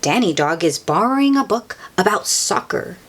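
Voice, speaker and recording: A woman reading a children's picture book aloud, expressive and adding her own asides. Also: mid-range voice, moderate pace. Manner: expressive, adds gasps and asides. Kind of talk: read-aloud storytelling.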